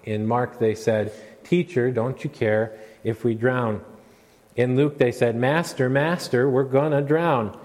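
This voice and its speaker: A man preaching a sermon in an earnest way, at times rising into a loud, dramatic retelling. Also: medium pitch, steady tone, a little slow. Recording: long hall reverb.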